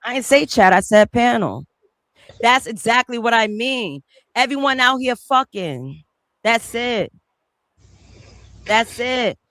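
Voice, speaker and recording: A woman's voice: fairly high pitch, animated, takes it slowly, long pauses, fairly bright tone, no echo. Blunt, combative woman on a dry mic. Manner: blunt, combative, profane, repeats her point. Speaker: panelist. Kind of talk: heated panel debate.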